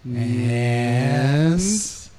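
A man playing a deadpan patient who answers a doctor's questions. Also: medium pitch. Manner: deadpan, very slow. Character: slow, deadpan adult patient.

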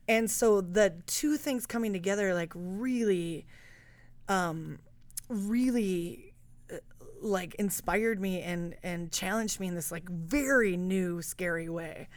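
A woman's voice: mid-range voice, unhurried, no echo. Casting: young adult woman, casual podcast guest, chatty, restarts a lot, dry recording. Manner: rambling, self-interrupting storyteller. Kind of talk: casual chat.

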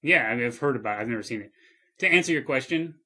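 Deadpan riffing man in a comedy chat. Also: medium pitch, rapid-fire, husky. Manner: deadpan absurd riffing, laughs easily.

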